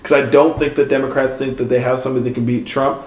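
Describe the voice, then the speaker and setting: A man co-hosting a casual podcast, opinionated and animated in discussion. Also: mid-range voice, fast talker. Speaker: podcast co-host. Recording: echoey room with faint noise.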